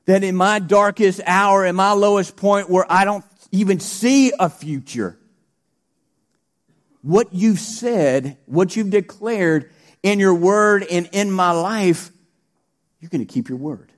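A man preaching a sermon, animated, swinging between shouted praise and quiet asides. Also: sits high, slow.

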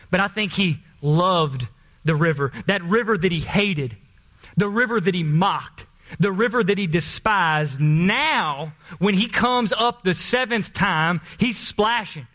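A man preaching a sermon in a folksy, animated storytelling way, calling out to his congregation. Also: sits high. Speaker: pastor.

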